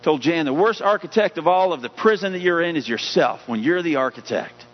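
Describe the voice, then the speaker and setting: A man's voice: on the high side, animated, a little fast. Man preaching in a reverberant hall. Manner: preaching with rising emphasis on scripture readings. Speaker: pastor. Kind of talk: sermon. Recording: dull hum-laden audio with long hall reverb.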